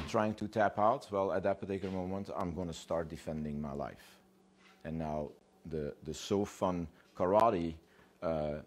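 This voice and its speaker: Very deep-voiced man, animated lecturer. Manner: animated, acts out dogs' thoughts in quick voices, swears casually; frequent "yeah?" and "you know" check-ins. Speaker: dog trainer.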